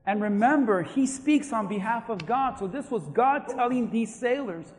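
A male pastor preaching a sermon, swinging between shouted emphasis and quiet asides. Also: sits high, moderate pace, hardly any pauses, big-room sound.

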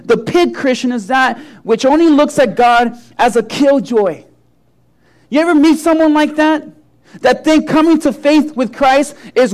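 A man's voice: extremely high pitch, a little slow. A man preaching a sermon, telling a story and acting out the voices in it. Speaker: pastor.

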